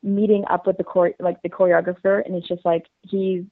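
Fast-talking woman on a tinny phone line. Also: on the low side, little pitch movement, no echo. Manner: fast, bubbly storytelling with many fillers. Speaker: interview guest. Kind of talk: casual interview.

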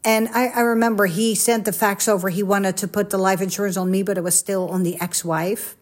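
A woman's voice: medium pitch, fairly even intonation, brisk. A woman chatting candidly and confessionally, telling personal stories and acting out the voices of people she quotes. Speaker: social media coach. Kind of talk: confessional casual chat.

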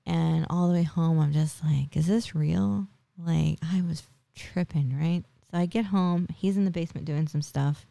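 A woman's voice: sits low, fairly even intonation, normal speed, gravelly, few pauses, warm tone, dry recording. A woman in her forties hosting a podcast, telling a personal story in a chatty, casual way full of tag questions and fillers. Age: 40s. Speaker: podcast host.

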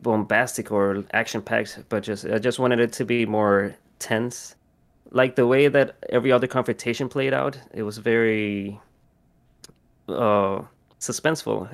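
Man, low voice, gravelly fry, hesitant, casual chat. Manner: hesitant, conflicted, many fillers. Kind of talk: casual film discussion.

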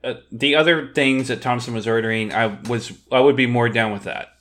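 A man's voice: mid-range voice, steady tone, fairly bright tone. A man co-hosting a casual podcast, chatting easily about a TV episode from his notes and laughing often. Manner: easygoing, reads from notes, quick to laugh. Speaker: podcast co-host. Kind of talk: casual recap chat.

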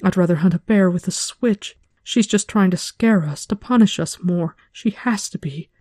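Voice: medium pitch, normal speed, darkish tone, no echo, clean studio sound, natural voice. A podcaster reading a novel aloud, voicing a blunt, stubborn woman healer who bites off her words. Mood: alarmed. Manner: clipped, biting.

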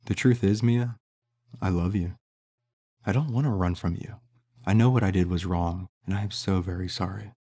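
A man's voice: sits low, moderate pace, dark tone. A man reading an earnest, torn young lover. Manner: earnest, confessional.

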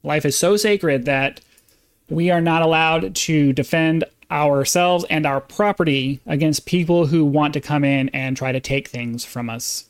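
A man's voice: a little high, unhurried, clean tone. Emphatic man ranting on a podcast. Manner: emphatic, insistent, with frequent restarts. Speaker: podcast host. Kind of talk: opinion monologue.

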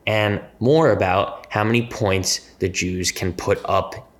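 A man co-hosting a fantasy football podcast, making predictions in a relaxed, joking way with hesitant fillers. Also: sits low, slow pace. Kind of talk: casual sports chat.

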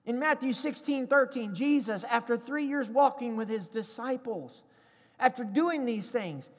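A man's voice: very high voice, measured pace, long reverb tail. A pastor preaching a sermon to his congregation in a church, emphatic and calling for responses.

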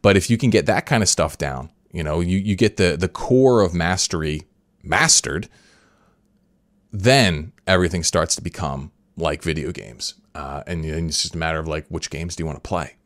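A man's voice: deep voice, moderate pace, dry recording, clean studio sound. A man hosting a podcast, commenting in a rambling, casual way with frequent restarts. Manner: rambling, self-correcting, repeats words. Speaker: podcast host.

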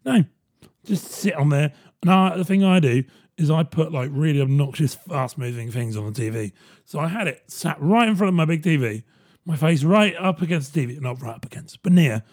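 A man's voice: on the high side, animated, fairly quick, darkish tone. A man hosting his own podcast in a rambling, sardonic monologue, swearing freely. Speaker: podcast host. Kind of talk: casual solo podcast monologue.

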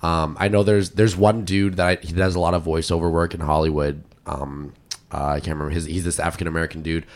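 Man, very low sick voice, rough and deep, rambling casual podcast chat. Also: flat delivery, quick pace. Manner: chatty, rambling, laughs often. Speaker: podcast co-host.

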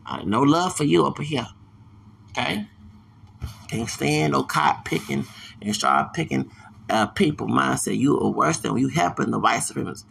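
A man's voice: medium pitch, expressive, normal speed, creaky, fairly bright tone, breathy edge. A man hosting a podcast, delivering a heated, angry monologue rant and repeating himself as he vents. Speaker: podcast host.

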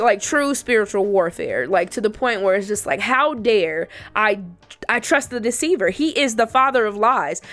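An earnest woman shares a heartfelt faith testimony with other women. Her pitch sits in an ordinary middle range. She presses her points emphatically and repeats phrases to drive them home, with soft music playing faintly underneath. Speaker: faith speaker addressing women.

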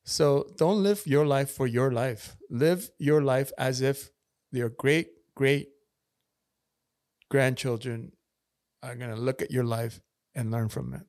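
A man's voice: mid-range voice, takes it slowly, a little mellow, dry recording, studio quality. A man in a casual podcast chat, talking earnestly and repeating his key points like a preacher.

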